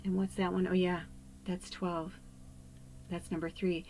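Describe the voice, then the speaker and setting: A woman, a psychic medium, giving a casual spiritual card reading in a rambling, animated way that keeps dropping into hushed asides. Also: lowish voice, unhurried, slight background noise, low-quality recording.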